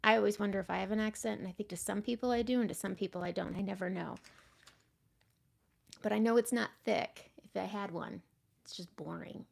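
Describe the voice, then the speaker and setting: A woman hosting a makeup livestream, chatting casually with viewers and drifting into soft muttered asides. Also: medium pitch, steady tone, a little fast, creaky.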